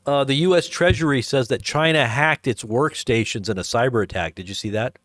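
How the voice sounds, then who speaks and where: Man, preacher-commentator, emphatic, rhetorical questions, medium pitch, dry close sound. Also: fairly quick, a bit bright, no room sound.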